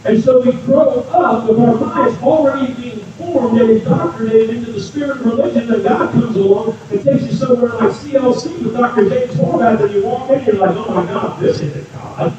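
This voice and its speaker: A man giving an energetic guest sermon in a blunt, joking style. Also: very high voice, a little fast, hardly any pauses, noisy background. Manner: loud, blunt, jokey preaching. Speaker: guest preacher. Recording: far, echoey, muffled hall sound.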